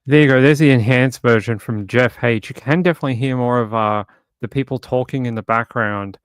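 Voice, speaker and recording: A man's voice: mid-range voice, fairly quick, clear, resonant tone, dry recording, clean studio sound. A man hosting a true crime livestream, chatting loosely and reading out viewer comments. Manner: rambling, repeats words, relaxed asides. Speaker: livestream host.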